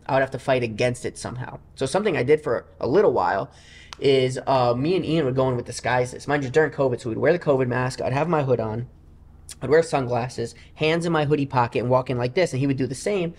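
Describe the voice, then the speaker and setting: Man, interview guest, casual storytelling, rambling asides, mid pitch. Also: brisk. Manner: loose, rambling anecdotes full of asides. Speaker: professional gambler guest.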